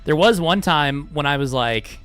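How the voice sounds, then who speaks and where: A man's voice: on the high side, animated, moderate pace, fairly bright tone, clear, resonant tone, dry recording, soft background music. A man chatting casually with his live-stream chat while speedrunning a game, joking sarcastically and swearing freely.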